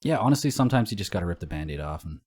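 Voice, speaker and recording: A man from Canada co-hosting a casual podcast, laid-back and teasing, often trailing off quietly. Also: sits low, very animated, very fast. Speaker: podcast co-host, music promoter.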